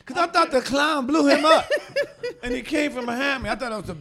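A man telling a funny story in casual chat, animated and profane, laughing often as he talks. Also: very high voice, a little fast, a little hiss or hum.

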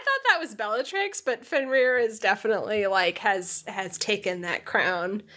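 A woman's voice: mid-range voice, moderate pace, bright, forceful tone. A woman co-hosting a podcast, chatting casually with wry, joking remarks. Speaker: podcast co-host. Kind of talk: casual chat.

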